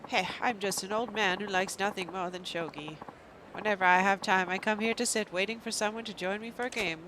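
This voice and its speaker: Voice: medium pitch, steady tone, brisk, background noise, close to an everyday voice. A streamer doing a chatty old shogi man. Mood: friendly. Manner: gruff, friendly old-man drawl. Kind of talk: reading game dialogue aloud in voices.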